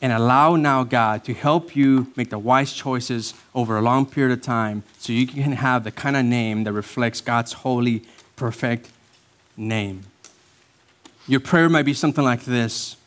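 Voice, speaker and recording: A man preaching a sermon as a lead pastor, emphatic and repetitive, swinging from loud highs to hushed lows. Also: moderate pace.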